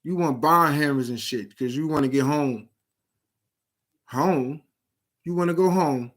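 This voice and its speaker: A man's voice: a little high, slow pace, long pauses. A middle-aged man giving blunt, profane advice to young people in the streets, speaking emphatically in a preachy street manner. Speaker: vlogger giving advice to at-risk youth. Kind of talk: blunt motivational talk to camera.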